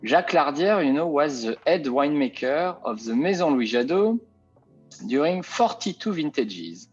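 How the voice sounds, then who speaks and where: A man's voice: a little high, sing-song, moderate pace, a little mellow, muffled recording, faint music behind. A man with a French accent, a native French speaker, presenting as a winemaker over a video call, hesitant and full of fillers and French interjections. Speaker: winemaker guest.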